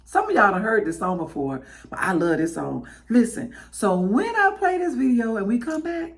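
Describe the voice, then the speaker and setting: Southern woman, podcast host, lively swooping pitch, fairly high voice, laughing, casual chat. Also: normal speed. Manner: animated, laughing, preacherly.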